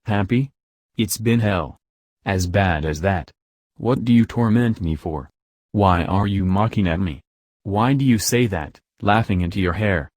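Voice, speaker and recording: A man's voice: low-pitched, unhurried, darkish tone, no room sound, studio quality. A man reading the part of a brooding, hunted young man in an audiobook, with an impassioned, pleading delivery. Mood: anguished.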